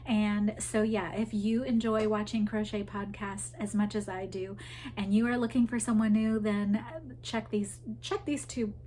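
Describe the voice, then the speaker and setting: A woman's voice: medium pitch, little pitch movement, a little slow, dark tone, slight background noise. A woman hosting a crochet podcast, chatting casually to camera about her projects, rambling with asides to viewers. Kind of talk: casual show-and-tell chat to camera.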